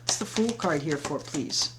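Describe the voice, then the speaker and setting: A woman's voice: sits low, animated, a little slow, background noise. A woman doing a tarot reading, talking in a flowing, reassuring way straight to her viewers as friends. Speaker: tarot reader. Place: home, sage burning nearby.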